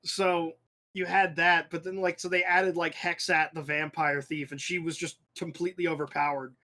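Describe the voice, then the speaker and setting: A man's voice: a little high, normal speed. A young man hosting a podcast, talking in a rambling, profane, casual way, often restarting his sentences. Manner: animated storytelling with acted-out asides. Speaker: podcast host. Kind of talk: casual chat.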